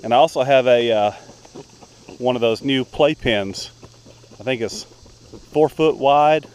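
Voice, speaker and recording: A man's voice: medium pitch, measured pace, darkish tone, slight background noise. A man vlogging outdoors by a lake, chatting casually and talking to his dogs in baby talk. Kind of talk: casual vlog narration.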